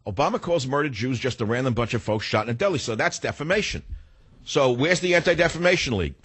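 Ranting, husky-voiced male radio host. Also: mid-range voice, animated, fast, fairly bright tone. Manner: ranting, indignant, theatrical. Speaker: radio talk show host. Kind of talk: talk radio monologue. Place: radio studio. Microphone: studio microphone.

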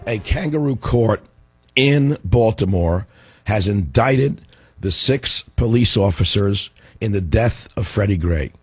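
A middle-aged man hosting a radio talk show, hoarse as his voice gives out, ranting in a fiery, combative way. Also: on the low side, expressive, takes it slowly, no room sound, soft background music. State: hoarse, voice going.

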